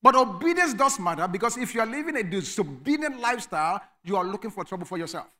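A man preaching a sermon as pastor, emphatic, dropping to quiet asides and rising to shouted commands. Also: high voice, very animated, fast talker.

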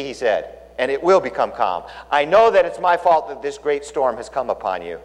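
A man preaching a sermon, telling the story with animated storytelling and acting out the characters' lines. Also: medium pitch, moderate pace. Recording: long reverb of a large hall.

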